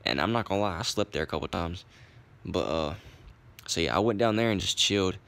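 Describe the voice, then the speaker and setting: A man's voice: sits low, lively intonation, fairly quick, gravelly, a bit bright, smooth. A young man, casually telling a story in a rambling, profane way. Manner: profane, rambling, laid-back. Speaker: vlogger.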